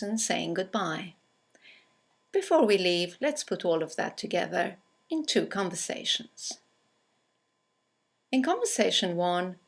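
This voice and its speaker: Slow, husky woman teaching English. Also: mid-range voice. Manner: clear, careful delivery reading out example phrases. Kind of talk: scripted lesson narration.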